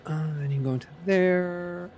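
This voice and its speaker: A man's voice: high-pitched, normal speed, darkish tone, a little hiss or hum. A man streaming a factory-building game, muttering to himself with playful asides. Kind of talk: casual gameplay commentary.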